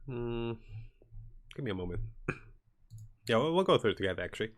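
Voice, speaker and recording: A man giving casual commentary on a strategy game as he plays, thinking aloud in a relaxed way. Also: mid-range voice, brisk. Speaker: gaming commentator. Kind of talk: casual live gameplay commentary.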